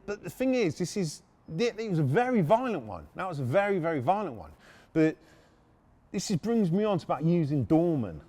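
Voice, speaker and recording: Male host, middle-aged, colourful sweary anecdotes, expressive pitch. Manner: animated, sweary, self-mocking. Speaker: podcast host. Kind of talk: storytelling monologue.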